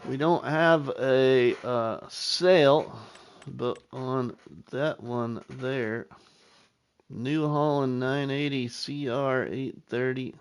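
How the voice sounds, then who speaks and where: A middle-aged man talks at an unhurried, slow pace as he hosts a live gaming stream. His voice sits at an ordinary middle pitch. He chats with his viewers in an easygoing, relaxed way while he thinks out loud. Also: clear, resonant tone. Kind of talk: casual live-stream chat while playing.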